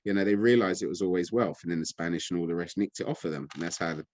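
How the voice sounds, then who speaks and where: A man's voice: sits low, rapid-fire, a little mellow, dry recording. A man talking on a video call, enthusiastic and rambling, often repeating words. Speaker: guest speaker. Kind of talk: casual webinar talk.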